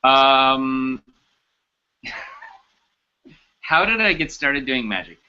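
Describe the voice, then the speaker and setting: A man's voice: medium pitch, animated, drawn-out words, pushed and bright, clean tone, highs cut off. A man from Texas, a guest actor, telling a rambling, self-deprecating story in a casual interview. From Texas, USA.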